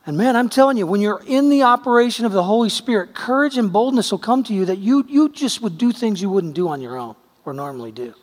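A man's voice: sits high, animated, quick pace, few pauses, long reverb tail. A man preaching a sermon, telling stories with acted-out quotes in a conversational, emphatic way. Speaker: pastor.

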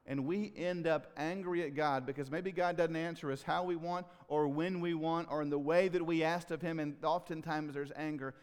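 A man preaching a sermon as pastor, earnest, swelling loud on key phrases and dropping low. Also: fairly even intonation, normal speed, few pauses, clear, resonant tone. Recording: long hall reverb.

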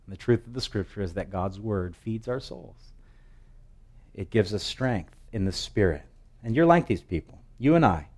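A man's voice: lowish voice, animated, darkish tone. Man preaching a sermon with swelling emphasis. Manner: preaching with rising emphatic swells and slow, drawn-out scripture readings. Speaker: pastor.

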